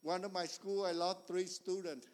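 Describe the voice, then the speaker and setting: A man preaching a sermon in earnest, repetitive, non-standard English, swinging between loud emphasis and quiet storytelling. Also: sits high, fairly even intonation, moderate pace. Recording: long reverb of a large hall.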